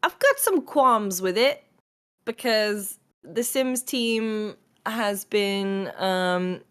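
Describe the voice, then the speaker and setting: Woman co-host; chatty, lively, ranting with a smile. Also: medium pitch, drawn-out words, clear, resonant tone. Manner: chatty, animated, cheerfully ranting. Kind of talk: casual chat.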